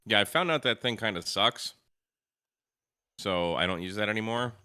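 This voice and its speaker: A man with a very low yet bright voice co-hosting a casual livestream. He gives blunt, offhand opinions. The recording is dry. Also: moderate pace, smooth, no echo. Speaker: co-host.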